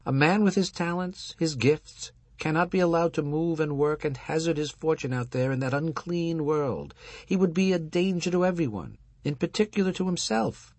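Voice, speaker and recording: A man's voice: fairly high pitch, expressive, no room sound, voice pushed up. A man voicing a stern older rabbi. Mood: preaching. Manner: lofty, preaching, slow on emphasis.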